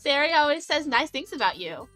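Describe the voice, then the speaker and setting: A woman's voice: high voice, sing-song, a little fast, bright, forceful tone, faint music behind, heavily acted. Woman reading a timid polite teen girl. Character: shy, mature, timid teenage girl.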